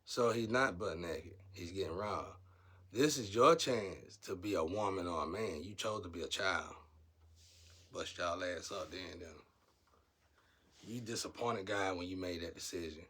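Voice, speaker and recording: A man giving a casual spiritual monologue, rambling and blunt, turning preachy and loud when heated. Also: low-pitched, unhurried.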